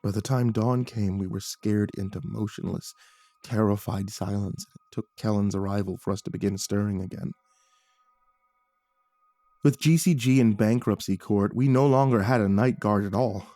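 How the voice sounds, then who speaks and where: Man narrating a horror story, hushed. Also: fairly low pitch, moderate pace, no echo, soft background music.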